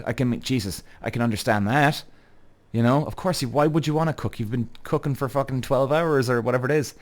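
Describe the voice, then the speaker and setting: A man hosting a podcast, telling a listener's story in a rambling, profane, self-correcting way. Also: mid-range voice. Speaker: podcast host. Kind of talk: casual storytelling monologue.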